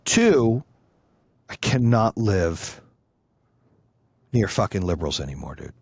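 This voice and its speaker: Blunt, profane middle-aged man, low voice. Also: sing-song, slow pace, gravelly, breathy edge, no echo. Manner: emphatic, repeats points for force. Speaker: podcast guest. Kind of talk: casual conversation.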